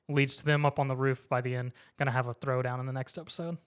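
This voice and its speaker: A man recapping an anime episode in casual chat, lively and quick to laugh, acting out the characters' lines. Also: mid-range voice, clear, resonant tone. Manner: animated retelling, acts out characters' lines, laughs often. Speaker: podcast co-host.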